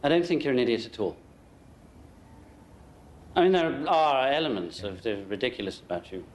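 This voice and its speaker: An actor playing a stiff, awkward British gentleman who talks in a halting, hesitant, formal way, with a British accent, from a film. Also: fairly low pitch, slight background noise, natural voice. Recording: film audio with faint ambience.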